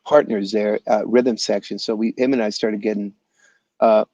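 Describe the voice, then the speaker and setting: A man's voice: fairly low pitch, moderate pace, no echo. Slangy man telling stories on a dull call. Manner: animated, slangy storyteller, calls people "man" and "bro". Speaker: guest musician. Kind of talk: casual storytelling interview. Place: home in Los Angeles area.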